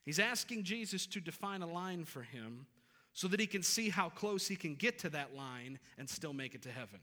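A man's voice: on the high side, animated, normal speed, pushed and bright. A man in his thirties preaching a sermon as pastor in a church, earnest and emphatic, repeating key phrases. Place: church sanctuary. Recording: reverberant hall.

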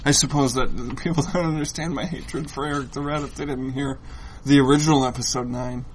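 A man's voice: medium pitch, fairly even intonation, brisk, slight background noise. A man co-hosting a casual comic-book podcast, telling stories with lots of swearing and laughter. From Irish heritage in the US. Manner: profane, laughing storyteller. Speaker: podcast co-host.

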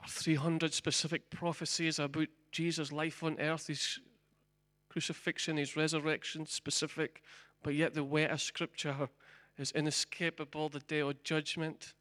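A male pastor delivers a sermon in a high-pitched voice. He moves between loud, urgent preaching and near-whispered pleading, and his voice carries a long reverb from a large hall. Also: flat delivery, normal speed.

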